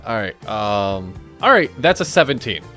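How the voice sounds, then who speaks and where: A man's voice: lowish voice, sing-song, normal speed, sharp tone, faint music behind. A man chatting casually as a player in a tabletop game.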